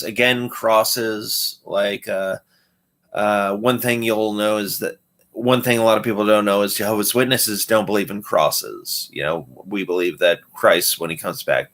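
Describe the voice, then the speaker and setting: A man's voice: on the low side, pushed and bright. A man hosting a casual livestream, talking through a loose numbered list with many fillers and restarts. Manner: rambling, filler-heavy, loose list-by-list explaining. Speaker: livestream host.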